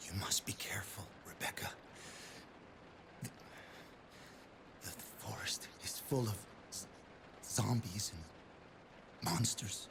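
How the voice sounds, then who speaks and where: A man's voice: fairly low pitch, slow, creaky, long pauses. An actor playing a badly wounded, dying male soldier in a video game cutscene, speaking in a weak, breathless whisper. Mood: gasping. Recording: game audio with background noise.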